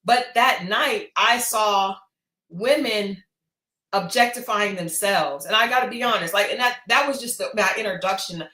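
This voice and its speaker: Bright-voiced woman in an echoey room. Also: mid-range voice, moderate pace. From Oklahoma. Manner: animated storytelling with quoted voices. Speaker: podcast co-host. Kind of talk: casual chat.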